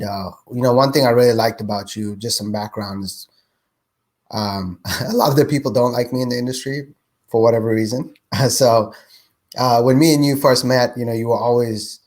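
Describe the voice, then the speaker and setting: A man's voice: medium pitch, darkish tone. A man hosting a business podcast, talking in an easygoing, conversational way. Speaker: podcast host. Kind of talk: casual interview chat.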